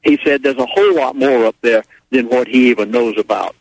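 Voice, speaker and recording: A man's voice: medium pitch, fairly quick, no echo, low-quality recording. An older man, a radio guest, telling a story in a rambling way, with restarts and quoted lines. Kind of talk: casual phone-in storytelling.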